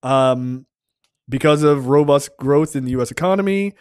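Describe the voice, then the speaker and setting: A man's voice: mid-range voice, normal speed, a little mellow, clear, resonant tone, no room sound, studio quality. A man co-hosting a podcast, chatting casually in a brash, profane, joking way. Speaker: podcast co-host. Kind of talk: casual chat.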